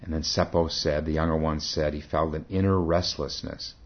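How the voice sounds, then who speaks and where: A man, a Zen teacher, telling a story in a dharma talk, pausing often and correcting himself. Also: very deep voice, steady tone. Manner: halting, self-correcting. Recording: dull lo-fi recording.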